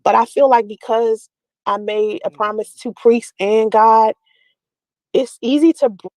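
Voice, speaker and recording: A woman's voice: on the high side, steady tone, measured pace, a little mellow, no echo, rough recording. A woman talking at length about her family and personal life, rambling and confessional, full of "like" fillers. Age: adult with a daughter. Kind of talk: personal talk to camera.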